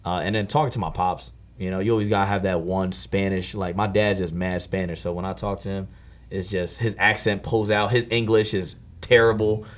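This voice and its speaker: A man's voice: sits low, fairly even intonation, a little fast. A young man chatting casually in a group, telling laid-back, slangy stories. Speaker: student or staff member.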